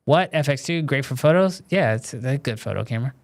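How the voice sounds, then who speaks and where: A man hosting a live stream, chatting casually with viewers and answering their questions in a relaxed, conversational way full of "um" and "like". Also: mid-range voice, fairly quick. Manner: relaxed and conversational, many fillers like "um" and "like".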